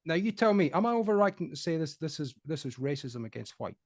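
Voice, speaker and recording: A man's voice: fairly high pitch, very animated, quick pace, dry recording, clean studio sound. A man hosting a casual political chat, opinionated and conversational. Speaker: host.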